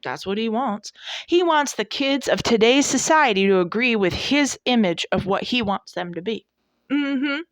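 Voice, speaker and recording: A woman's voice: on the high side, expressive, moderate pace, dry recording, clean studio sound. A woman in her forties giving a devotional talk in an emphatic, folksy way, repeating her points for stress. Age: 40s. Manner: emphatic, repetitive, folksy preaching. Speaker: devotional podcast host.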